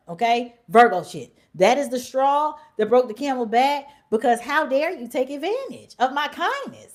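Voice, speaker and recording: A young woman hosts a casual livestream and tells her story bluntly, full of slang and swearing. Her voice sits fairly high and swings widely in pitch. Now and then she drops into a whisper. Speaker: livestream host.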